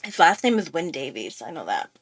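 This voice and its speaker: A woman's voice: sits low, big pitch swings, fairly quick, no room sound. Chatty young woman rambling through a story. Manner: chatty, rambling, full of fillers. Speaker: art YouTuber. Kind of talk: casual storytelling.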